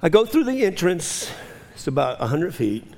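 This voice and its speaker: A man in his fifties preaches an impassioned sermon, his high, gravelly voice swinging from loud cries down to hushed whispers. The sound carries a long reverb, as if from a church hall. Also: very animated, moderate pace. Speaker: pastor.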